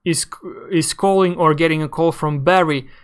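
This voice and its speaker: Brief: young male streamer, fairly high and smooth voice, rambling and halting. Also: fairly even intonation. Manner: rambling, halting, searching for words. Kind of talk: casual live game commentary.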